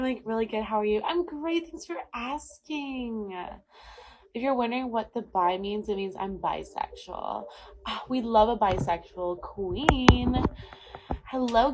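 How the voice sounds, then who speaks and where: Greeting her viewers one by one with sweet, flirty nicknames, a woman runs a casual livestream over playing music. Her voice sits fairly high, and the recording quality is low.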